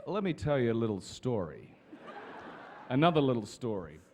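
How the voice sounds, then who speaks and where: Lively man telling stories to a crowd. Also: mid-range voice, normal speed, background noise. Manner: lively storyteller with restarts and swearing. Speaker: guest actor on a convention panel. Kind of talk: casual anecdote to an audience.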